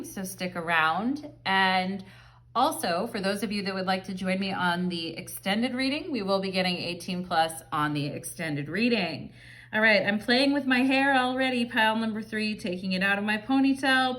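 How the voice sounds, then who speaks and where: A relaxed woman with a mid-range voice chats to the camera during a casual pick-a-card tarot reading. She rambles comfortably, sprinkling in plenty of "like" and "um" as if she's at home.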